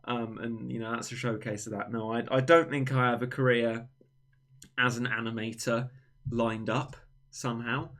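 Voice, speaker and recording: A man's voice: mid-range voice, little pitch movement, normal speed, a bit bright. A young man hosting a livestream, chatting casually in a rambling, self-mocking way. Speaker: livestream host. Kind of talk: casual chat on a stream.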